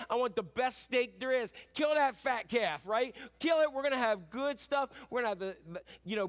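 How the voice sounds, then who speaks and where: A man's voice: very high-pitched, pitched above the performer's own voice. A man voicing a joyful, generous father who hurries to give orders for his returned son. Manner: excited, hurried commands.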